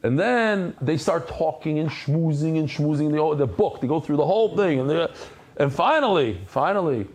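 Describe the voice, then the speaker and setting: A man who is a rabbi giving a Talmud lecture, talking conversationally to his class and acting out anecdotes with lively energy. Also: fairly high pitch, moderate pace. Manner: animated storyteller who acts out anecdotes; conversational, addresses the class directly.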